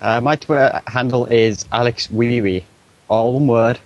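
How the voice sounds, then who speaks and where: A man co-hosting a podcast, answering casually in a hesitant, low-key way. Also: measured pace, no room sound, dull audio. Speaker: podcast co-host.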